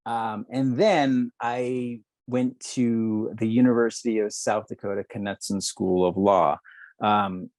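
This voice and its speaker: A man's voice: lowish voice, steady tone, slow pace, a little mellow, no room sound. A man in his thirties from New Mexico, a podcast guest reflecting earnestly on his life with frequent restarts. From New Mexico, United States. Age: 30s. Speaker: podcast guest, law student. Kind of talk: candid personal storytelling.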